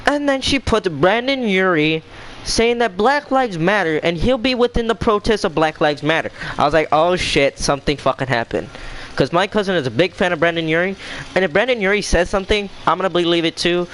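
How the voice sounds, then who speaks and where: A man's voice: high voice, lively intonation, a little fast, fairly bright tone, slight background noise, rough recording. A young man venting in a heated, swearing rant as a vlogger, repeating himself as he talks. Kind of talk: angry rant to camera.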